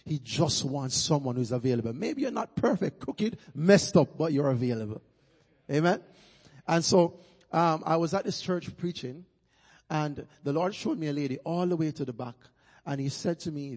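A man's voice: fairly high pitch, a little mellow, breathy edge. A Jamaican man preaching as a guest pastor in a church, rousing the congregation with calls for praise. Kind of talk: sermon. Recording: long church-hall reverb.

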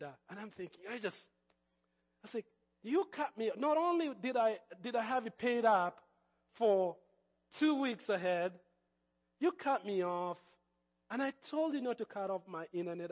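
High-pitched middle-aged preacher guy, animated storytelling sermon. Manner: animated storytelling, lively swings of loudness. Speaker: pastor.

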